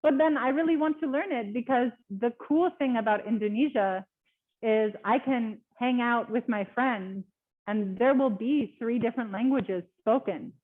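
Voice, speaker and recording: Woman, chatty webinar speaker, laughs often, somewhat high voice, tinny phone-like call audio. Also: normal speed. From Canada. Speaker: guest speaker. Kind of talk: casual webinar talk. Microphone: video call.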